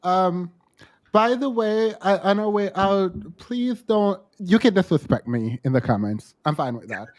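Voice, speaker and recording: A man's voice: high voice, expressive, a little slow. A man hosting a casual podcast chat, talking in a hesitant way with many ums and restarts. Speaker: host.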